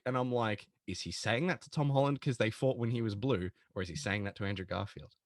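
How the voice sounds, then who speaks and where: A man co-hosting a podcast in casual chat, excitable, swearing freely and acting out quotes. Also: medium pitch, fairly quick, hardly any pauses, no room sound, studio quality. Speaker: podcast co-host.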